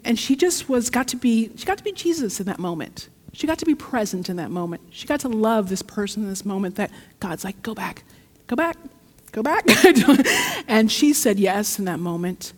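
A woman preaching a sermon in a church, telling a story in a lively, heartfelt way. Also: mid-range voice, moderate pace. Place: church sanctuary. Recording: long church reverb.

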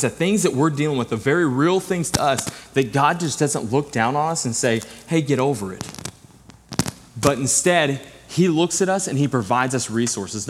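A man's voice: medium pitch, slightly rough. A middle-aged man preaching a conversational sermon to his church, earnest and direct, weaving in personal stories. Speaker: pastor. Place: church sanctuary. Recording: long church hall reverb.

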